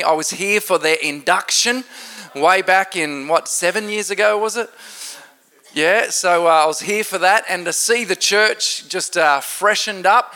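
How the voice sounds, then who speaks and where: A man preaching at a church service as a visiting pastor, joking and lively, with a congregation around him. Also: high voice, vocal fry. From Australia. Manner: jokey, lively preaching with laughter. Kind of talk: sermon.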